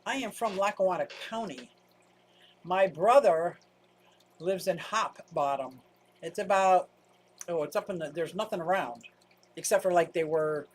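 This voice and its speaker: A woman's voice: lowish voice, a little mellow. A woman from upstate Pennsylvania hosting a casual livestream, chatting loosely and answering viewer comments in a rambling, self-interrupting way. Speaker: livestream host.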